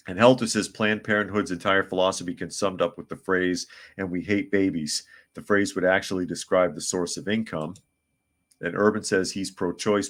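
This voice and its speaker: Blunt, very deep-voiced male podcast host. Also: fairly bright tone. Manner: blunt, sarcastic, mocks others in put-on voices. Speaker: podcast host reading chat comments. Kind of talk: opinionated live-stream commentary.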